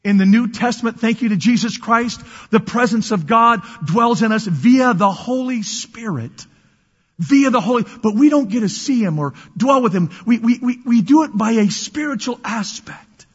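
A man with a high, husky voice preaches a sermon, dropping to hushed whispers and then swelling back up. He often repeats words as he starts phrases over. The sound is muffled and carries a long reverb, like a big sanctuary. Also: expressive, moderate pace. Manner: dramatic swings from loud to hushed whispers. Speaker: pastor.

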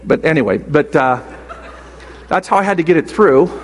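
An older man preaching a sermon in a high-pitched voice, full of stories and halting restarts. His voice rings with a long reverb, as if it carries through a church sanctuary. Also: sing-song. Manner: storytelling, halting with many restarts. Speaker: pastor.

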